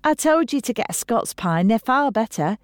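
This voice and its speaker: A woman reading an audiobook voices a middle-aged mother, bantering and quick to take offence. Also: medium pitch, very animated, a little mellow, dry recording, clean studio sound, pitched above the performer's own voice, lightly acted. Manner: indignant, bantering.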